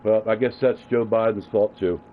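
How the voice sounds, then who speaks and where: A man's voice: fairly low pitch, steady tone, normal speed. A middle-aged man arguing with his adult son, swearing often and repeating himself in stammering bursts. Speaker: father. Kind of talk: heated family argument. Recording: tinny phone line with faint hiss.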